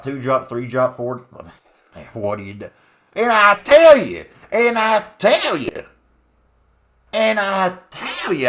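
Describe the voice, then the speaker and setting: A man voicing a loud, folksy rural Southern man with a put-on Southern US accent, drawling and hollering through gameplay commentary. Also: mid-range voice, natural voice. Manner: drawling, hollering, swearing exclamations. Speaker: card game streamer.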